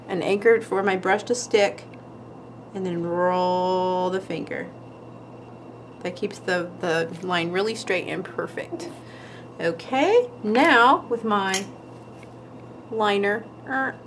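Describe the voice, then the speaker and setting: Slow, chatty woman narrating a nail tutorial. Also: mid-range voice, a bit bright, slight background noise. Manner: chatty and giggly, with frequent laughs; talks while concentrating, trailing off mid-sentence. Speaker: nail art tutorial host. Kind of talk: casual tutorial narration while painting.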